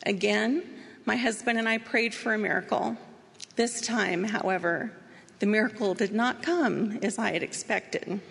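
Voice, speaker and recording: A woman giving an earnest, measured personal testimony as she tells her story. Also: mid-range voice, vocal fry, fairly bright tone, big-room sound. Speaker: speaker sharing a personal story.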